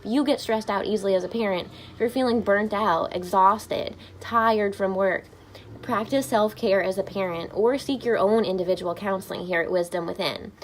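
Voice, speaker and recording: Woman, family therapist, upbeat informal talk, medium pitch. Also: moderate pace, slight background noise. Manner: upbeat, frequent "um" fillers.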